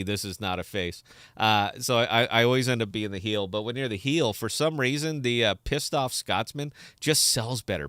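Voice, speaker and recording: A man's voice: medium pitch, sharp tone, dry recording, clean studio sound. A man in his forties hosting a casual livestream podcast, rambling and joking about himself as he chats. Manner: rambling, joking and self-mocking. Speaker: podcast host.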